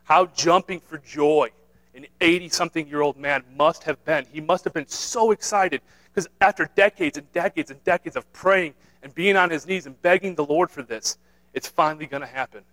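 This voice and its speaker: A man's voice: fairly high pitch, moderate pace, fairly bright tone, poor audio. A man preaching a sermon in an earnest way, repeating himself, restarting phrases and asking his listeners "right?". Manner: earnest, repetitive, with many restarts and "right?" tags.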